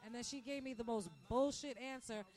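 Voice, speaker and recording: A woman in her thirties hosting a podcast, giving a blunt, profane, animated rant from the restaurant where she works. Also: fairly high pitch, fairly quick. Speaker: podcast host. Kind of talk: casual ranting monologue. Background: faint background music.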